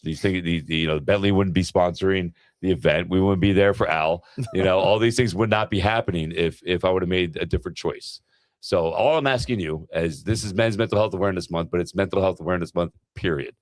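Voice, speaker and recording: A man's voice: sits low, no echo, studio quality. A middle-aged man co-hosting a casual podcast, joking and then speaking earnestly and with heart. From New Jersey. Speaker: co-host.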